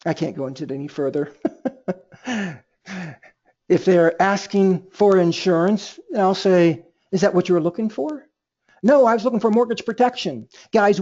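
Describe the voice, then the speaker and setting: A man with a fairly high voice leads a sales training webinar. He talks with energy and slips into both sides of the phone calls he acts out. The sound is dull and lo-fi, like a computer mic. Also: a little mellow.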